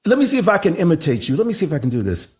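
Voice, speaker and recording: A man's voice: high-pitched, very animated, rapid-fire, breathy edge. A man hosting a podcast interview, flamboyant and playful, with exclamations and teasing asides. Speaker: podcast host.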